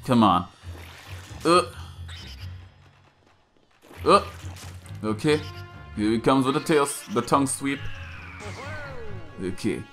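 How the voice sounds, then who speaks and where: A man giving casual let's-play commentary, talking himself through a fight. His voice is lively, with a middle pitch and wide swings, and a faint music bed plays behind him. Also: slow, pauses often. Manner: chatty, self-deprecating, coaching himself aloud. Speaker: gaming channel host.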